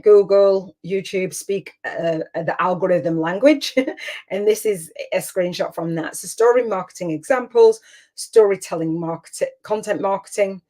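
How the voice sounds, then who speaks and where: A woman's voice: fairly low pitch, darkish tone. A middle-aged woman hosting a casual online coaching session, talking in a chatty, emotional, rambling way with many restarts. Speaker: business coach and host.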